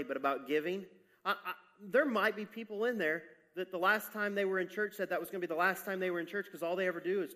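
A male pastor preaching a candid sermon to his church, talking haltingly with many restarts and building in intensity. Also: high voice, sharp tone. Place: church sanctuary.

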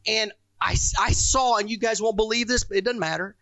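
A man's voice: high voice, fairly even intonation, brisk, sharp tone, dry recording. A man preaching a sermon, telling his own stories with fervent emotion. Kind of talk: testimonial sermon. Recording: dull, dry lo-fi recording.

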